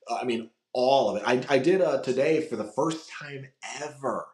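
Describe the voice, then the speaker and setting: A man's voice: mid-range voice, moderate pace, darkish tone, roomy sound. A man, a voice actor and impressionist, talking casually on a podcast with frequent fillers and restarts. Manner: chatty, many fillers and restarts.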